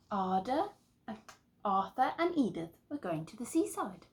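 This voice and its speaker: A woman teacher reads a children's story aloud with a lively, expressive voice. She takes her time, unhurried, with a touch of gravel in her tone. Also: medium pitch. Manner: expressive, asks the listeners questions.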